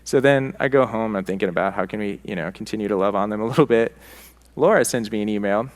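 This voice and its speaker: A man's voice: fairly low pitch, fast talker. A man, a rector, telling a story at a church forum, acting out the quoted dialogue with animation.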